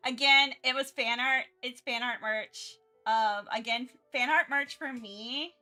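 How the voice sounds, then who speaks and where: A woman's voice: a little high, unhurried, bright, forceful tone, faint music behind. A woman streamer chatting casually during her art livestream, rambling with many restarts and frequent giggles.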